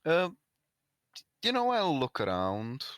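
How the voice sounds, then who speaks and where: A man's voice: fairly high pitch, wildly swooping pitch, slow, fairly bright tone, clear, resonant tone, dry recording, clean studio sound. A man playing a tabletop game, talking casually and hesitantly, his voice rising on questions. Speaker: player. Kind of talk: tabletop role-play.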